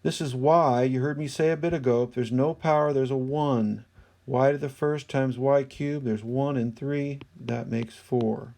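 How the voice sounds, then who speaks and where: A man's voice: mid-range voice, steady tone, unhurried, gravelly, mellow. A man teaching a math lesson in a screen-recorded voice-over, patiently explaining each step.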